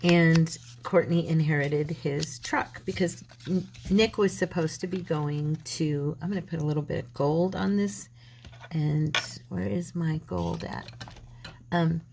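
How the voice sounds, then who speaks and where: A woman with a notably low voice chats casually while crafting, rambling through a story with plenty of restarts. Steady background noise and clicking sounds run under her voice. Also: vocal fry. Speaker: crafting channel host.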